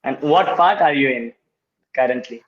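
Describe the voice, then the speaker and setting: A man's voice: mid-range voice, normal speed. A man, a student asking short questions on a video call. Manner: short prompts, asks questions, brief laughs. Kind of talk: casual video-call conversation. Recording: roomy, dull lo-fi, crowd behind.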